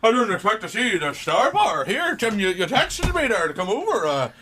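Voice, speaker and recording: A man's voice: huge pitch swings, brisk, bright, forceful tone, a little hiss or hum, heavily acted. A man with a Northern Irish accent voicing a foul-mouthed elderly male butcher in an improvised comedy sketch. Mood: flustered. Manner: profane, rambling, high strained delivery.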